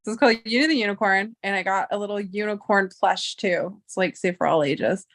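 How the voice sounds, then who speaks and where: A woman's voice: medium pitch, fairly quick, a bit bright. A young woman vlogger telling a story in a chatty, exasperated way, swearing freely. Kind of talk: casual storytime vlog.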